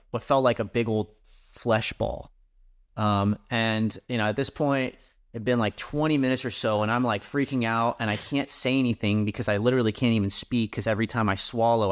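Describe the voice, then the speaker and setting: A man's voice: mid-range voice, fairly even intonation, fairly quick. A man guesting on a podcast, telling a climbing story in a rambling, casual way with lots of fillers and restarts.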